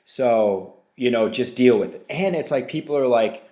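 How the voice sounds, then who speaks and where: A man's voice: mid-range voice, lively intonation, normal speed, warm tone. A man hosting his own podcast, talking alone in a blunt, profane, ranting way and leaning on fillers and tag questions like "right?". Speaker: podcast host. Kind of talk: casual solo podcast rant.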